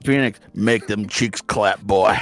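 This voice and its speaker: A man putting on a gruff, deep, crude voice as a joke during a live chat stream. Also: slow pace, fairly bright tone. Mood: teasing.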